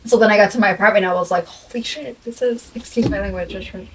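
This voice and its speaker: A woman in casual podcast chat who tells her story excitably, switching between gushing and hushed. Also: medium pitch, fast talker, a little hiss or hum.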